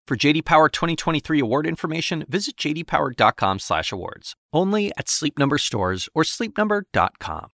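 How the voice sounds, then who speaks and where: A man reading a scripted commercial with a smooth, polished delivery. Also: fairly high pitch, a bit bright, dry recording, studio quality. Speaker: ad announcer. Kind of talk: scripted ad read.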